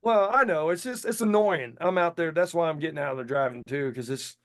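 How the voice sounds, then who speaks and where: Man, podcast guest, rough casual talker, slightly high voice, video-call sound. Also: a little fast, no echo, clean studio sound. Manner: rough casual talk, demonstrates screams and sound effects. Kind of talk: casual chat.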